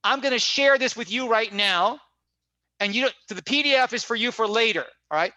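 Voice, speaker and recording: A man's voice: very high voice, a little fast, bright, forceful tone, no room sound. A man giving an online teaching workshop over a video call, talking conversationally, repeating his points and often checking in with "right?". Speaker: teacher trainer.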